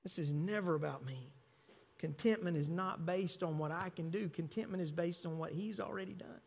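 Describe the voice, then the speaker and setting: High-voiced emphatic preacher man. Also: normal speed, vocal fry, a little mellow. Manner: emphatic, repeats phrases and stresses key words. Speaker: pastor. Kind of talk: sermon. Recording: long reverb of a large hall.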